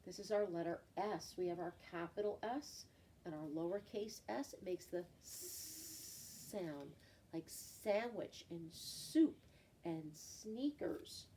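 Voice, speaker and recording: A patient woman leads a children's phonics lesson, drawing out each example word slowly. Her voice is mellow and soft, picked up from a little way off the mic. A faint hiss sits underneath. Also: fairly low pitch. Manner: slow, patient, drawn-out example words. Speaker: teacher. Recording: voice from a distance, faint background noise.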